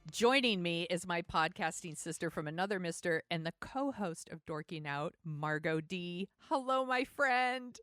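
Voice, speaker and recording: A woman's voice: fairly low pitch, lively intonation, moderate pace, hardly any pauses, a bit bright, no echo, studio quality, faint music behind. A woman hosting a podcast, chatting casually in an upbeat way with fillers. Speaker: podcast host. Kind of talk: casual chat. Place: home, San Francisco.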